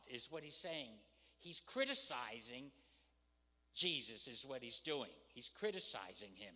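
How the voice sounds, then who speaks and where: A man's voice: on the high side, expressive, normal speed, sharp tone. An older man teaching scripture in a chatty way to a live group, often laughing and asking "hmm?" to check in with them. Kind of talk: casual lecture to a live group. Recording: long reverb in a hall.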